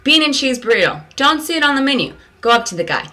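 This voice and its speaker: Animated, bright-voiced woman vlog ranter. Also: quick pace, few pauses. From California. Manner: slangy, animated storytelling with sudden high outbursts. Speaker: vlog host. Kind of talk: comic ranting vlog.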